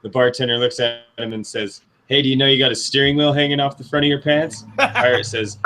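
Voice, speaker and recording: Man, offhand, fumbling, bright sharp voice, joke telling. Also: medium pitch, fairly even intonation, fast, rough recording. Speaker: panel guest. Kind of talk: telling jokes in casual chat.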